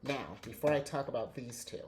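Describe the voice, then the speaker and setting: A man giving a casual tarot reading, excitable and rambling, often restarting his sentences and laughing. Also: medium pitch, brisk, a little hiss or hum. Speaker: tarot reader.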